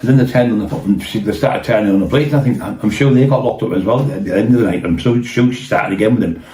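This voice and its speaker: A man's voice: lowish voice, quick pace, warm tone. A man telling a rambling anecdote in a casual way, swearing a lot and acting out what people said. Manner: rambling, heavy swearing, acts out quotes. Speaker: storyteller host. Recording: roomy echo.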